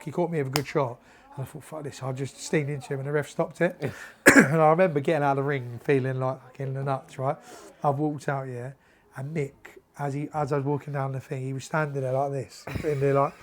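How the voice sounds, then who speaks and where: A man, a former boxer chatting as a podcast guest, telling lively anecdotes, acting out what others said and swearing casually. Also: medium pitch, fast. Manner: animated anecdotes, acts out quoted dialogue, swears freely. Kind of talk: casual storytelling chat.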